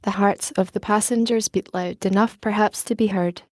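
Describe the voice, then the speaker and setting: Woman narrating an old novel, steady and measured, mellow voice, dry close sound. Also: medium pitch, no room sound. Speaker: audiobook narrator. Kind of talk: classic novel reading.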